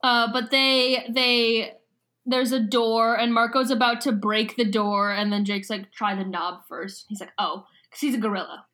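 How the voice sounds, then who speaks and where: A young woman co-hosts a book podcast in an easy, casual chat. She laughs often and jumps into scenes with quick little voices. Her voice sits on the high side. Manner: animated, giggly, retells scenes in voices. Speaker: podcast co-host.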